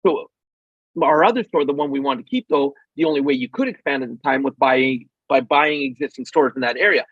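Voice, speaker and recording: A middle-aged man telling a story as a podcast guest. He speaks in an animated way, acts out bits of dialogue, and drops frequent ums. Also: mid-range voice, fairly quick, breathy edge, no echo, narrow, tinny audio. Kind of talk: casual storytelling in a podcast interview.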